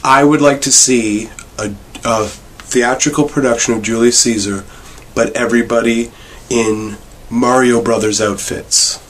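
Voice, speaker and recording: A man vlogging a rambling comic monologue with wry, meandering deadpan asides. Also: medium pitch, measured pace. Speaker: vlogger and bar worker.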